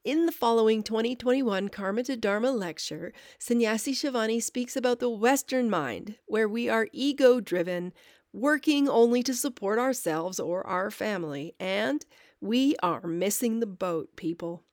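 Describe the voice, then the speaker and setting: A woman, a longtime student, calmly reading a scripted introduction for a spiritual podcast. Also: a little high, moderate pace, no room sound, clean studio sound. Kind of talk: scripted narration.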